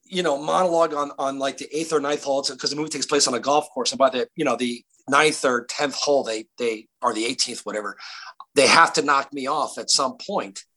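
A man's voice: mid-range voice, steady tone, a little fast, pushed and bright. A middle-aged man, an actor guest, telling stories in a casual interview with many restarts and fillers.

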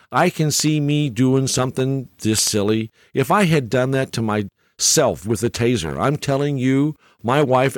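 A man's voice: mid-range voice, no room sound, clean studio sound. A man in his sixties hosting a podcast, telling a story in a casual monologue, chuckling often and tagging his lines with "okay?". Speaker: podcast host.

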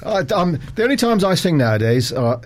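Older male interviewee, measured and polite, light chuckles. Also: fairly high pitch, sing-song. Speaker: cricket umpire guest. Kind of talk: casual interview answers.

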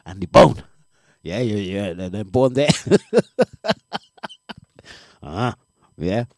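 A man hosting a breakfast radio show in casual live chat. He is animated, laughs often and repeats his phrases. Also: lowish voice, takes it slowly, creaky, no echo, studio quality.

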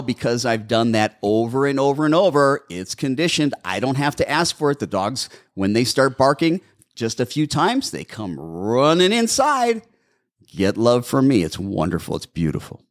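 Animated middle-aged man, lively pitch. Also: normal speed. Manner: animated, acts out dog owners with big pitch jumps. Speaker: dog trainer co-host. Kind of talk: casual podcast chat.

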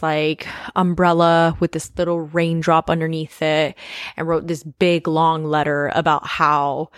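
A woman's voice: low-pitched, no echo, clean studio sound. A woman in her twenties talking candidly to camera in a casual confessional monologue, emphatic and swearing freely. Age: 20s. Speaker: vlogger.

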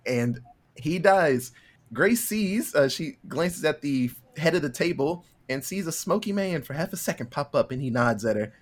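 A man's voice: fairly high pitch, lively intonation, normal speed. A young man hosting a podcast, casually retelling a film's plot in a laid-back, swearing manner, often acting out the characters' lines. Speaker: podcast host.

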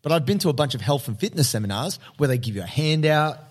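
A man's voice: fairly high pitch, sing-song, fast, breathy edge. A man in casual podcast chat, blunt and slangy, swearing freely.

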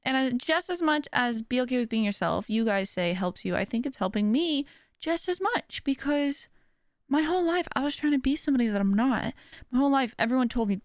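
A young woman with a fairly high voice chatting on her podcast in a loose, self-deprecating way, laughing often and slipping into the voices of people she quotes. The sound is dry and close, with no room around her. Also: expressive, a little fast, no room sound. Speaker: podcast host. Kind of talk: casual personal chat.

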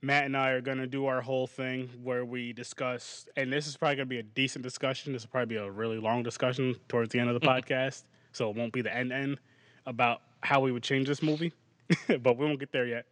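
A man hosting a podcast, chatting casually about a movie in a rambling, animated way and laughing often. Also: mid-range voice, quick pace, no echo. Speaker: podcast host. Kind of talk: casual movie review chat.

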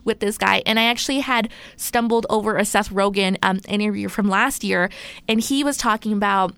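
A woman's voice: mid-range voice, a little fast, a bit bright, clean tone, dry recording. Chatty female podcast co-host. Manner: chatty storyteller, many fillers. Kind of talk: casual chat, recounting news.

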